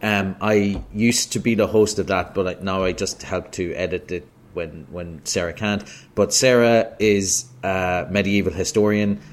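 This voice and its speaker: An Irish man chatting casually as a podcast guest, self-deprecating and quick to laugh. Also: low voice, steady tone.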